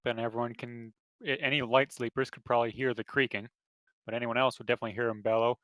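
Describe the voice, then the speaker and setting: A man playing a tabletop game, describing his character's actions slowly and deliberately. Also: medium pitch, little pitch movement, fairly bright tone, no echo. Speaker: player. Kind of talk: tabletop game play over voice chat.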